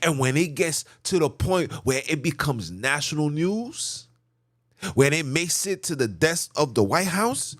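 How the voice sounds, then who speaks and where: A man's voice: a little high, sing-song, a little slow, fairly bright tone, no echo, clean studio sound. A man hosting his own channel, giving impassioned political commentary in a preachy, repetitive, rhetorical way, with mocking asides. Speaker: channel host.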